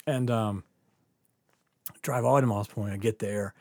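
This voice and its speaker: A man's voice: lowish voice, steady tone, moderate pace, no room sound. Laid-back man telling a story. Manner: laid-back, laughs often, swears freely. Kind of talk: casual storytelling.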